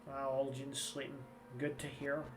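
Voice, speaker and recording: A man's voice: medium pitch, monotone, moderate pace, background noise. A man, giving casual, rambling gameplay commentary and swearing freely. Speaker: streamer. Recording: slightly distant mic with game music.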